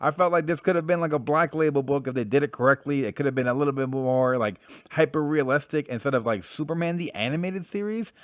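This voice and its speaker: A young man giving a casual spoken comic book review, blunt and animated, swearing freely and full of fillers. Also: on the high side, quick pace, few pauses, clean tone, dry recording, studio quality.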